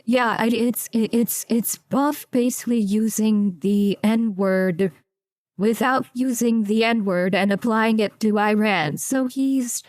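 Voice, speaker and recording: Giggly high-voiced woman streamer. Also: slow, a little mellow, no echo. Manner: giggly, flustered, thanks chat donors. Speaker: streamer reacting to a podcast. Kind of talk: live stream reaction.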